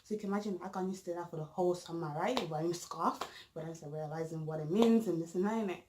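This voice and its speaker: A young woman tells a storytime vlog casually and ramblingly, with plenty of fillers and restarts. She has a lowish voice and talks quickly, with background noise in the recording.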